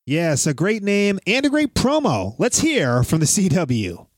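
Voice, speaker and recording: A man's voice: high-pitched, huge pitch swings, a little slow, no echo. A man hosting a casual movie podcast, recapping scenes with playful jokes. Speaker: podcast host.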